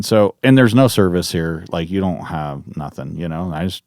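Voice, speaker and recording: A man with a lowish voice recounts a tale as a podcast guest. He talks in animated bursts, full of swearing and restarts. The sound is dry and close, with no room around it. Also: brisk, no room sound. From Northern California. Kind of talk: casual storytelling in conversation.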